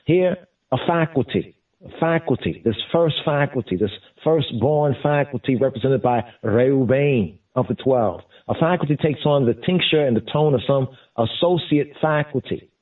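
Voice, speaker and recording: A man teaching scripture in a slow sermon style, restating each term in Hebrew and then English and drawing out key words. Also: medium pitch. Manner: repeats terms in Hebrew and English, drawn-out emphasis. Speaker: teacher of Torah study. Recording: tinny phone-like audio from a distance.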